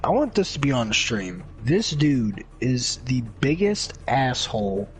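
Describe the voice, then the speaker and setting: An excitable young man chats through a gaming stream with a lively, wide-ranging voice. He jokes, pleads in a whiny tone, then drops to low muttering. Faint music plays behind him. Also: measured pace. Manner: excitable, joking, lots of laughter. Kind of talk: casual gaming stream chat.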